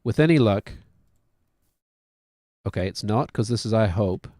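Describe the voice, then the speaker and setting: A man's voice: lowish voice, animated, measured pace, darkish tone, no echo, clean studio sound. A man in his thirties with a New Zealand accent, chatting casually while he plays a game and cracks self-mocking jokes. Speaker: streamer.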